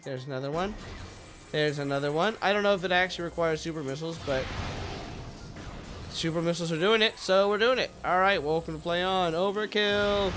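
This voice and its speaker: Excitable young man commentating gameplay. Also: a little high. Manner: excitable, jokey, swears and yelps at the game. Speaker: let's play host.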